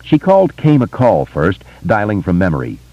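Deep-voiced male audiobook narrator. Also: no echo. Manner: steady, measured reading. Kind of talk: scripted novel narration. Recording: dull, dry lo-fi recording.

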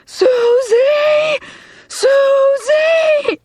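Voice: very high voice, fairly even intonation, extremely slow, a little mellow, no room sound, clean studio sound, pitched above the performer's own voice, exaggerated voice. A narrator putting on a shrieking, frantic mother. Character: furious screaming mother, shrill.

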